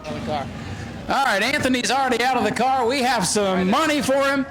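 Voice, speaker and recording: At a noisy outdoor speedway, a man calls a live race and interviews drivers, shouting with excitement during the action and cracking jokes between interviews. His voice is very high-pitched and fairly quick.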